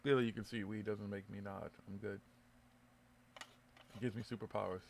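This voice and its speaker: Gravelly man, loose live-radio host. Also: fairly low pitch, fairly even intonation, moderate pace, darkish tone, a little hiss or hum. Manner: loose, swearing, laughing, stumbling restarts. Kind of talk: casual live show banter.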